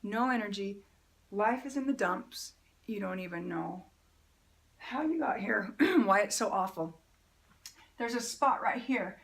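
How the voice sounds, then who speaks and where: A woman's voice: mid-range voice, animated, a little slow, vocal fry, pauses often, fairly bright tone. A middle-aged woman giving an upbeat motivational lesson as a life coach, acting out feelings in little quoted asides. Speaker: life coach teaching a mentoring program.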